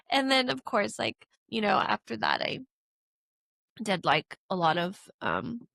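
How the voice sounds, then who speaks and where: A woman's voice: medium pitch, big pitch swings, a little slow, vocal fry, a bit bright, no echo, studio quality. A young woman co-hosting a podcast, telling her story candidly and emotionally, with many fillers. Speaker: podcast co-host. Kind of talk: casual conversation.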